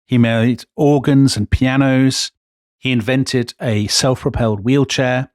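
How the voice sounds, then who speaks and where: A man's voice: medium pitch, steady tone, takes it slowly, darkish tone, no room sound, studio quality. A man, co-hosting a history podcast, telling stories with enthusiasm and quoting old accounts with gusto. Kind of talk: storytelling history chat.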